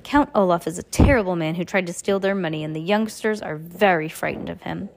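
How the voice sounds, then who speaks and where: A woman's voice: lowish voice, a little fast, gravelly. A woman voicing a fussy, well-meaning adult man who talks primly and condescends to children, in an audiobook reading.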